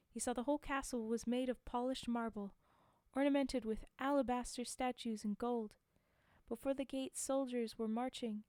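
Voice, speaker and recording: Chatty woman reading fairy tales, mellow. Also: fairly high pitch, clear, resonant tone, no room sound. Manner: chatty asides to chat, frequent laughs. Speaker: storyteller streamer. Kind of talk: casual fairy tale reading on stream.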